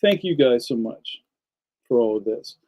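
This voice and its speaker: A man's voice: medium pitch, lively intonation, a little slow, a little mellow, slight background noise, rough recording. A man hosting a casual livestream, chatting enthusiastically and speaking straight to his viewers. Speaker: livestream host and cartoonist.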